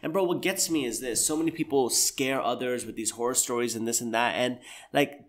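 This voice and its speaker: An American man telling stories on a podcast, animated, often jumping loud and high, saying "bro" all the time. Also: fairly quick. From United States. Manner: says "bro" constantly. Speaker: podcast guest. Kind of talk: casual podcast conversation.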